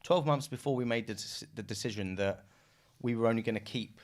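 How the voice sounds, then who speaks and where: A British man who founded a recruitment firm speaks briskly in a mid-range voice. As a guest on a business podcast, he chats casually, loose and laughing, with the occasional swear.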